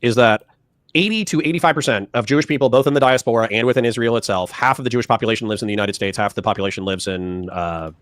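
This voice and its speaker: Man, podcast host, wry, casual, swears, mid pitch, dry sound. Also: quick pace, a bit bright, dry recording. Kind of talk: debate discussion.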